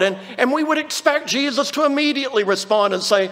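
A man preaching a sermon, explaining a Bible passage in an earnest tone and slowing down when he quotes scripture. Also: high voice, big pitch swings, pushed and bright, long reverb tail.

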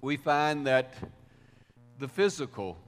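Slow-preaching man in a reverberant hall. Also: mid-range voice, animated. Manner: deliberate preaching with swells of emphasis. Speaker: pastor. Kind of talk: sermon.

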